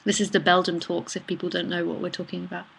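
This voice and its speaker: Relaxed woman chatting on a live stream. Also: lowish voice, quick pace, gravelly, a little hiss or hum. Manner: relaxed, chatty, reads messages aloud with soft murmured asides. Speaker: nonduality speaker answering live chat questions. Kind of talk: casual live-stream talk.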